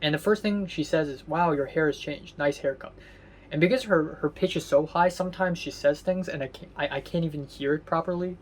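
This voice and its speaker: Man, home vlog diary, rambling and sardonic, slightly high voice. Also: slight background noise. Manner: rambling, halting with many fillers and restarts; candid and mildly sardonic. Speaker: vlogger. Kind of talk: casual spoken diary.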